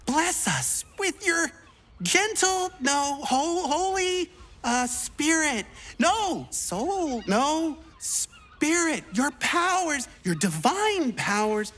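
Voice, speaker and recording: A woman voicing an eager, clumsy young male would-be adventurer in a video game, who talks excitably, rambles and stumbles over his words. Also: high voice, very slow, exaggerated voice. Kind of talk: game character dialogue.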